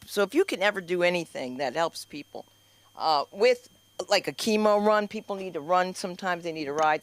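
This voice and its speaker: A woman's voice: fairly low pitch, fairly bright tone. A woman hosting an open mic comedy night, chatty and rambling as she jumps between thoughts. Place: comedy club stage.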